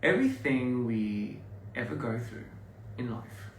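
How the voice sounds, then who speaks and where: A young man chatting casually with viewers on a livestream, relaxed and halting, with lots of fillers and restarts. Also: mid-range voice, vocal fry. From Australia. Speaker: livestream host. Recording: roomy echo, distant mic, faint noise.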